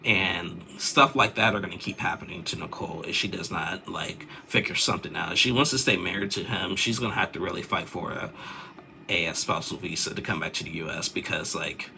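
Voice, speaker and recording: A man's voice: low voice, brisk, gravelly, sharp tone, slight background noise. A young man chatting casually as he recaps a reality show, rambling with lots of fillers and restarts.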